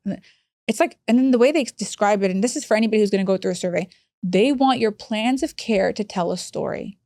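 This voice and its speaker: A woman in her thirties, a hospice executive, telling lively stories in a podcast interview and acting out other people's voices. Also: fast talker, dry recording. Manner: animated, acts out quoted voices with big pitch jumps.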